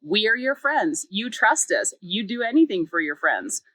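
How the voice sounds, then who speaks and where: Sinister reptilian aliens deliver slow, measured, repetitive commands, as a woman reads their lines. The pitch sits in the middle of the range. The sound is close and dry, with no room echo. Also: very animated, sharp tone. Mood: commanding.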